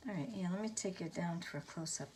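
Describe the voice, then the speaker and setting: A woman hosting a casual craft tutorial, gushing over her finished pieces with soft exclamations. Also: fairly low pitch, fast, background noise.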